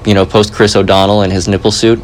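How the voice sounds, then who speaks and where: Podcast host, male, lowish voice, rambling and jokey, faint hiss behind. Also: fast talker, poor audio. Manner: rambling, joking, animated asides. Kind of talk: casual chat.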